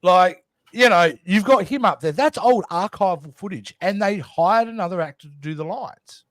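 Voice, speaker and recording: Chatty man, lively and dry. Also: high-pitched, moderate pace, dry recording. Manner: chatty, hesitant, with many restarts. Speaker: podcast co-host. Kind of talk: casual film review chat.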